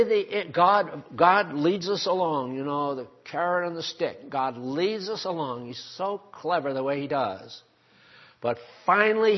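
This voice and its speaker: An older man preaching a sermon, emphatic and full of rhetorical questions put to his congregation. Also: fairly high pitch. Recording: dull lo-fi sermon recording.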